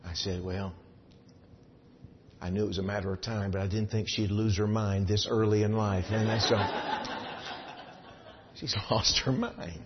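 A man preaching a sermon, telling a personal story with lively swings between loud excitement and hushed asides. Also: fairly low pitch, unhurried, long pauses, background noise. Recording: dull sound in a large reverberant hall.

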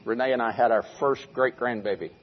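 An older male pastor delivers a sermon in a husky voice, pressing his points by repeating them. The recording sounds dull and muffled, as if taped in the church room. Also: mid-range voice, fairly even intonation, fairly quick. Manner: preaching with emphatic repeated phrases.

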